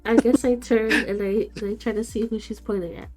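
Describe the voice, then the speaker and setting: A woman's voice: on the high side, fairly even intonation, fairly quick, over loud music. A woman playing a character in a tabletop game, giggly and playful, often hesitating. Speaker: player.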